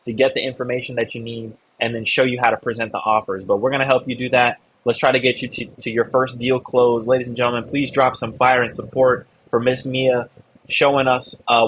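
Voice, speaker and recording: A man's voice: mid-range voice, fairly bright tone, slight background noise, low-quality recording. A man hosting a live online real estate meeting, coaching a member and encouraging the audience. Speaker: host of a real estate investor community call.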